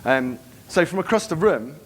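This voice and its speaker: A man giving a seminar to a live room, brisk and profane, acting out club scenes as he goes. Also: on the high side, expressive, a bit bright, slight background noise. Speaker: dating coach giving a seminar. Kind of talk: live seminar talk to an audience.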